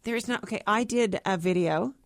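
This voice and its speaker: A middle-aged woman comedian in a casual interview, animated and joking, quick to laugh. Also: medium pitch, no room sound, studio quality. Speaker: comedian guest. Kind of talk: casual chat.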